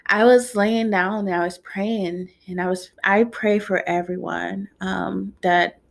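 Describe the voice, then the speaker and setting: Tearful creaky-voiced young woman podcaster. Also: mid-range voice, fairly even intonation, slow. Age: 20s. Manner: emotional, heartfelt, soft-spoken with frequent ums. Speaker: podcast host. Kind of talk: personal podcast monologue.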